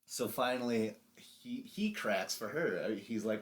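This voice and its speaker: A man's voice: fairly low pitch, normal speed, hardly any pauses. A young man co-hosting a podcast, animatedly retelling a reality show episode, acting out the lines and laughing often. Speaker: podcast co-host. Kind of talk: casual recap chat.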